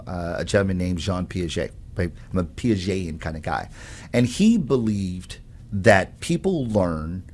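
A man who teaches at a college, explaining his ideas on learning in an animated, storytelling way and often adding "right?". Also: deep voice. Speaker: professor. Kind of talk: conversational explanation.

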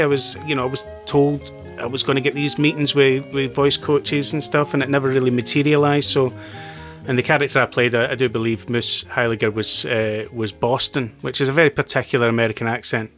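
A man telling a story as a podcast guest in casual talk, swearing freely and getting animated. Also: mid-range voice, a little fast, faint music behind. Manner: profane, animated anecdote-teller.

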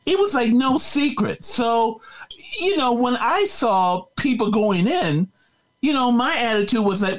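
A man, a guest on a talk show, speaks in a high, bouncing voice that swings up and down. He rambles, circles back and restarts his sentences, all in an easy, casual way. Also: a little slow. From Chicago South Side. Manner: animated, rambling, many fillers and restarts. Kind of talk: casual radio chat.

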